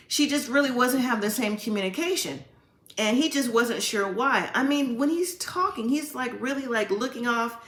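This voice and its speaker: A woman hosts a casual reality TV recap, retelling scenes in chatty storytelling fashion and acting out quotes with "like" and "you know." Her voice is medium-pitched and a bit bright, with a roomy sound.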